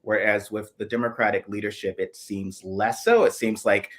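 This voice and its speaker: A man's voice: lowish voice, fairly even intonation, moderate pace. A man co-hosting a casual live chat, rambling and hesitant as he thinks aloud before asking the guest a question. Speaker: co-host.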